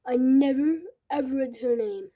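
A woman's voice: high-pitched, moderate pace, dry recording, narrow, tinny audio. A young female vlogger showing her stuffed toy collection in a casual, gushing way, often dropping into a whisper. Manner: gushing, excitable, drops into whispers.

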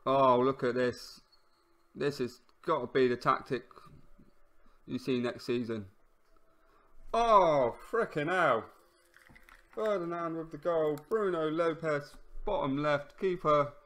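A man giving casual commentary on his own football management game, excitable, shouting at near misses and goals, and wry about the player names he stumbles over. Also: on the high side, measured pace. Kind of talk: casual let's-play commentary.

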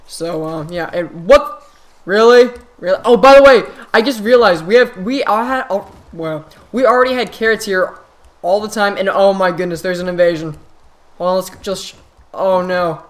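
Excitable young-sounding man commentating gameplay. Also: high voice, moderate pace. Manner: excitable, frequent exclamations and restarts. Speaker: gaming channel host.

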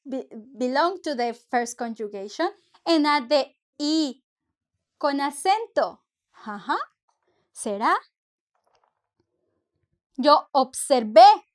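High-voiced, slow-talking teacher woman. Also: a bit bright. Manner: patient, explains step by step, mixes English and Spanish. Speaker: Spanish teacher. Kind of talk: language lesson.

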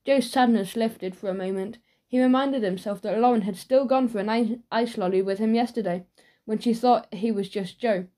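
Warm woman narrating a children's story. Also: on the high side, normal speed. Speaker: audiobook narrator. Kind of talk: scripted narration.

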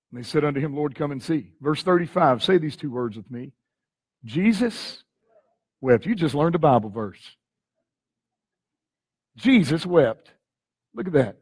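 A man with a Texan accent preaching a dramatic sermon as pastor, reading scripture with sudden swings from loud to hushed. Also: fairly high pitch, animated, measured pace, pauses often, husky. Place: church sanctuary.

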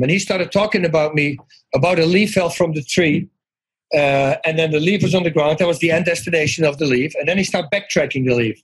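A middle-aged man from the Netherlands with a Dutch accent, telling stories as an interview guest, animated, acting out quoted lines and often restarting his sentences. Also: fairly high pitch, a little fast, breathy edge, rough recording. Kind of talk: casual interview storytelling.

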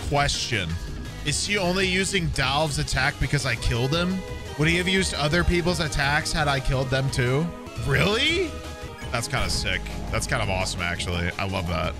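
A young man giving excitable, swearing reactions while playing a game. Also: mid-range voice. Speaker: gaming streamer. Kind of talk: casual game commentary. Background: game music.

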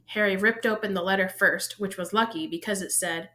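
Lady reading a kids' novel out loud, even steady pace, fixes the odd slip. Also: medium pitch, fairly quick. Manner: steady storytelling with small slips and self-corrections. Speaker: audiobook reader.

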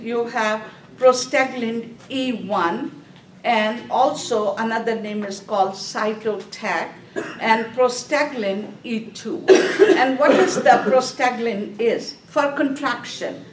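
Her pitch fairly high, a nursing instructor works through a lecture by asking questions, answering them herself, and restating key terms. The sound is echoey and distant, with slight background noise.

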